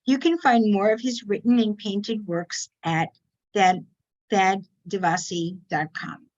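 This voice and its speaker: A woman hosting a literary reading, thanking readers and introducing the next one in a warm, halting way full of ums and uhs. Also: mid-range voice, fairly even intonation, lo-fi sound. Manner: warm, halting, with many fillers. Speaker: host of a reading series.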